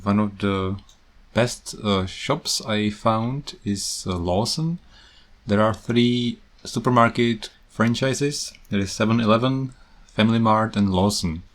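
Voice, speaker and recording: A man's voice: on the low side, takes it slowly. A Czech man hosting a podcast, talking casually and with amusement about teaching English, laughing often. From Czech Republic. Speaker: podcast host.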